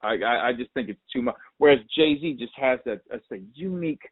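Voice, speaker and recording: A male podcast host chats with enthusiasm and pushes for follow-ups. His voice sits at a middle pitch. The audio is narrow and tinny, like a phone line. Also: fairly quick. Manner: enthusiastic, asks follow-up questions. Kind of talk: casual interview chat.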